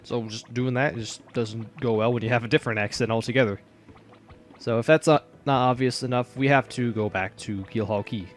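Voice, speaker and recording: A man's voice: mid-range voice, steady tone, brisk, faint music behind. A man with a slight Southern US accent giving casual, rambling commentary over a game playthrough. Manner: rambling, many fillers and restarts. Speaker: let's player.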